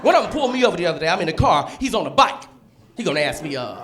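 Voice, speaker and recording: A man from the United States performing a stand-up comedy set on a club stage with punchy, animated delivery. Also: high-pitched, rapid-fire. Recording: live club set with audience laughter. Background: crowd laughter and room noise.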